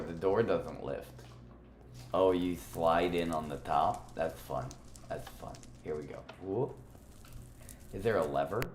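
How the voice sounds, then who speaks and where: Playful low-voiced male streamer. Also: a little hiss or hum. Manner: playful, teasing, chatting with viewers. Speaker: livestreamer. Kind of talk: casual gaming livestream chat. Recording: roomy echo with faint music.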